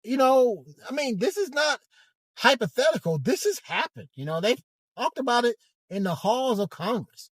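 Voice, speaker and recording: A man giving a hesitant, halting commentary monologue from inside a car, with frequent restarts. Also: very high-pitched, big pitch swings, husky, no room sound. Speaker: vlogger.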